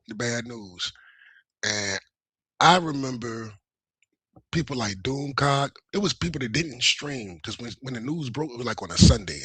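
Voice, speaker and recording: An animated man talking in slangy, profane casual chat as a livestream guest. His voice is bright and husky, and it sounds close and dry. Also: mid-range voice, dry recording.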